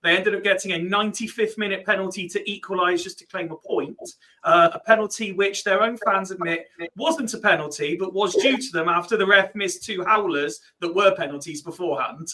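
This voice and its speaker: Male co-host, high and bright voice, wry sarcastic football chat. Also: a little fast, hardly any pauses, rough recording. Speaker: podcast co-host.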